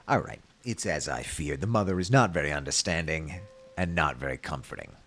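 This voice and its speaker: A man streaming, reading a game's story aloud with measured, wry asides. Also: a bass voice, expressive, a bit bright, a little hiss or hum. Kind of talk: reading a game aloud with commentary.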